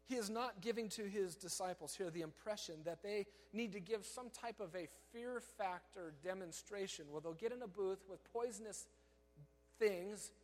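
A man preaching a sermon as pastor, emphatic, swinging from loud declarations to hushed asides. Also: high-pitched, big-room sound.

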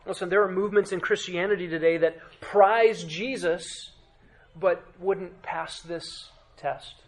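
A male pastor delivering a sermon in a fairly high voice. He preaches with emphasis, sinks to a hush for weight, and puts rhetorical questions to his listeners. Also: steady tone, unhurried. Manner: emphatic preaching with dramatic drops to quiet.

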